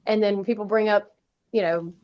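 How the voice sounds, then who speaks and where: A woman's voice: medium pitch, fairly even intonation, moderate pace, lo-fi sound. A woman on a video call, speaking earnestly and reflecting openly. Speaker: call participant. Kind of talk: casual chat.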